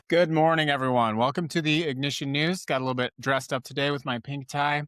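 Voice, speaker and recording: A slightly high-voiced man hosts a live news commentary show in a rambling, sarcastic way. He cuts himself off and jumps between asides. His voice is close on the mic and dry, with no room sound. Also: fairly even intonation, a little fast, few pauses, a bit bright, smooth, no room sound. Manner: sarcastic, riffing, self-interrupting.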